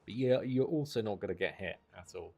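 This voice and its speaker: A man's voice: lowish voice, expressive, fairly quick, dark tone, faint music behind. A man casually commenting on a game he is playing live, chatty and self-deprecating. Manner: chatty, self-deprecating, says mate and dude a lot. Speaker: game streamer.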